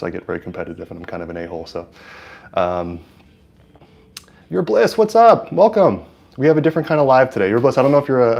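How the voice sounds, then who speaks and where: A deep voice with vocal fry and a dark tone comes through on dull-sounding audio. The speaker, a Californian streamer using a lapel mic, chats casually with viewers and comments on the game, full of fillers and hesitation but energized at plays.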